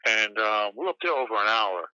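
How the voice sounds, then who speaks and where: A man guest in an interview, telling stories in an animated, rambling way and swearing casually. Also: on the low side, fast, smooth, no echo. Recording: dull lo-fi sound.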